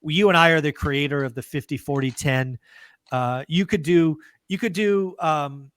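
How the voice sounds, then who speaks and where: A man's voice: on the high side, moderate pace, fairly bright tone. A man hosting an interview podcast, speaking in an upbeat, emphatic way and addressing listeners directly. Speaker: podcast host. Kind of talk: casual interview chat.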